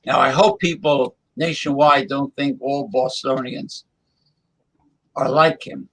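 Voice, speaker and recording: A man's voice: medium pitch, steady tone, slow, a bit bright, low-quality recording. A man co-hosting a casual talk show, rambling with lots of fillers and restarts. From New Jersey. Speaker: co-host. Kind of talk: casual chat.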